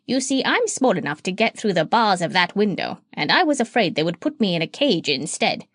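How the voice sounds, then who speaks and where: A woman's voice: medium pitch, very animated, a little fast, fairly bright tone, no echo, studio quality. Woman playing a clever, bossy storybook parrot. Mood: explaining.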